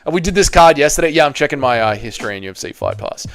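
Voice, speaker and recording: Aussie male streamer, casual and crude, slightly higher voice, clean resonant tone. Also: expressive, racing. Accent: Australian. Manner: rambling, jokey, swears casually. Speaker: livestream host reading chat. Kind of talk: casual live-stream chat.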